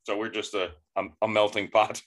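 A man's voice: on the low side, level tone, moderate pace, fairly bright tone. An American man hosting a podcast interview over a remote call, talking casually with frequent restarts and stammers. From United States. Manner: hesitant, many restarts and stammers. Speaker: podcast host.

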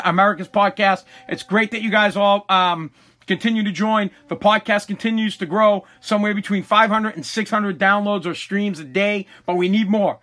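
A man hosting a solo podcast who rants in an excitable, exaggerated and profane way. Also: sits high. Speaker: podcast host. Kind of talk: comedic solo podcast rant.

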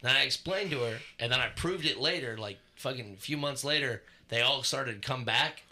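Bright-voiced profane man. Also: mid-range voice, a little fast. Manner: profane, animated storyteller who shouts when excited. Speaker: podcast co-host. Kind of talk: casual chat.

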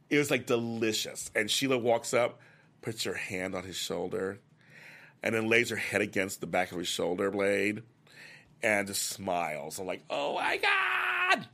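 A man hosting a soap opera after-show, excitedly recapping the week's episodes in a gossipy, chatty way and acting out the characters' lines. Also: fairly low pitch.

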